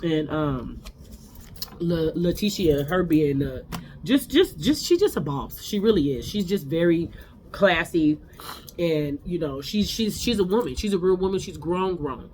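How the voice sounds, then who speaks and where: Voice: medium pitch, lively intonation, measured pace, darkish tone, a little hiss or hum. A host giving a casual, rambling reality TV recap, full of opinions and restarts.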